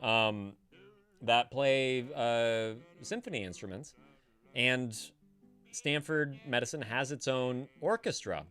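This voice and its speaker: A man's voice: medium pitch, takes it slowly, bright, forceful tone, clean tone, soft background music. A man hosting a live stream, chatting casually with his viewers, swearing freely and laughing often. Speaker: livestream host.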